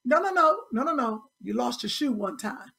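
A woman co-hosting a comedy podcast, teasing her partner loudly and playfully in casual chat. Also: fairly high pitch, expressive, normal speed, creaky, slightly rough. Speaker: co-host.

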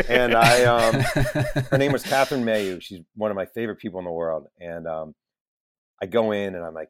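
A man being interviewed as a journalist, telling self-deprecating stories in a lively, casual way with the odd swear word. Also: deep voice, normal speed. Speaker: guest journalist and author.

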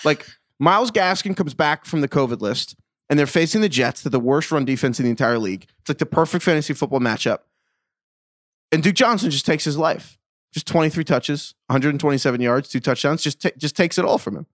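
A man's voice: fairly high pitch, animated, a little fast, dry recording. A man co-hosting a podcast in casual chat, joking and playful, full of pop-culture references, on a studio microphone. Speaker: podcast co-host.

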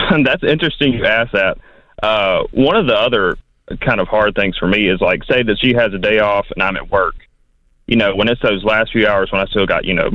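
A man's voice: lowish voice, no room sound. A polite young man calling in to an advice show. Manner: polite, says sir. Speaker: caller. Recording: dull lo-fi phone line.

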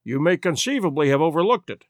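A man voicing a calm, shrewd male detective who reasons in a measured, cool way. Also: on the high side, dry recording, clean studio sound, natural voice.

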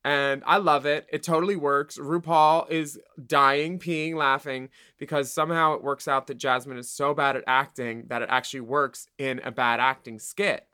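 Bright, dry-voiced chatty podcast man. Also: medium pitch, steady tone, normal speed, hardly any pauses, clean tone, dry recording. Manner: chatty, laughing, acts out quoted dialogue. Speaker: podcast co-host. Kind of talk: casual chat.

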